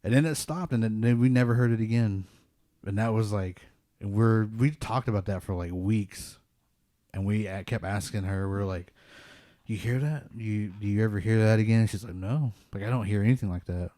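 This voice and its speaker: A man's voice: fairly low pitch, a little fast, warm tone, dry recording, studio quality. A man hosting a podcast, telling a personal ghost story in a casual, rambling way with many "like" fillers. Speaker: podcast host.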